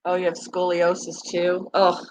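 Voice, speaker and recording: A woman's voice: on the low side, monotone, normal speed, slight background noise, rough recording. A middle-aged woman hosting her own channel, chatting casually with viewers, self-mocking and laughing often. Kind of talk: casual chat.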